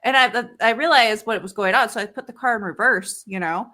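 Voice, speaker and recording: A woman's voice: on the high side, brisk, bright, forceful tone. A woman in her thirties, a podcast co-host, telling a story in casual chat. She rambles with many fillers and swears freely.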